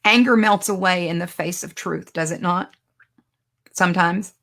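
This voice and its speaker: Lady giving a chatty sermon, bit of vocal fry, slows down to land points. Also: lowish voice, a bit bright. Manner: conversational, storytelling, self-deprecating asides. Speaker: speaker teaching a Bible lesson.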